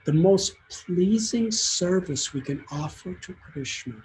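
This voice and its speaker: A man's voice: sits high, expressive, takes it slowly, darkish tone, rough recording. A man telling a devotional story as a sermon, in an earnest and heartfelt way. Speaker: spiritual teacher giving a talk.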